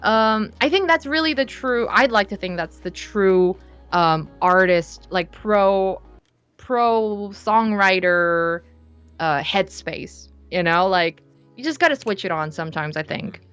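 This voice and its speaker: A young woman from South Korea, chatting casually in an interview, relaxed and rambling with many fillers and restarts. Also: medium pitch, slow pace, smooth, dull audio, faint music behind. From Seoul, South Korea. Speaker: musician guest. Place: her bedroom studio.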